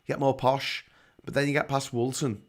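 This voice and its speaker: A man's voice: medium pitch, little pitch movement, moderate pace. A middle-aged man from England hosting a casual livestream, reading out viewer comments and ranting sarcastically with frequent swearing. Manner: sarcastic, swears freely, laughs at own jokes. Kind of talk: casual ranting live chat.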